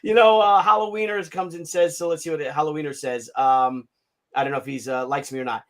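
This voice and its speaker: Animated ranting man hosting a stream. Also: fairly high pitch, a little fast. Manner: animated, profane, sarcastic ranting. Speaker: comic artist hosting a livestream. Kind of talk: casual ranting livestream talk.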